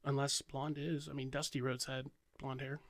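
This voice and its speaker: A man's voice: mid-range voice, flat delivery, normal speed, a crowd in the background. A man co-hosting a podcast, out of breath from being sick, chatting casually and explaining wrestling at length with a bit of swearing. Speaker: podcast co-host.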